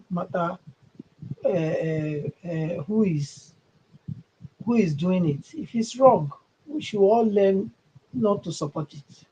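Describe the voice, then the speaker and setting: A woman's voice: mid-range voice, mellow, a little hiss or hum. A woman with a Nigerian English accent hosts a livestream of political commentary. She talks in an emphatic, rambling way with a mocking streak, in a mid-range voice. The audio is slightly muffled and lo-fi. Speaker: channel host.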